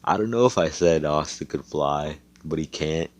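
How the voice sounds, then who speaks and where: A young man with a deep voice tells an improvised fan story. He rambles in a profane, slangy way and keeps correcting himself as he goes. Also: moderate pace.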